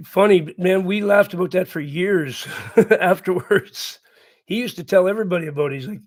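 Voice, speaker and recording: A middle-aged man with a fairly high voice spins a long, loose story to his live chat. He circles back and repeats lines, chuckling through his own tale. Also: a little slow, pauses often. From Canada. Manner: rambling, repeats himself, laughs through the telling. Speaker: channel host.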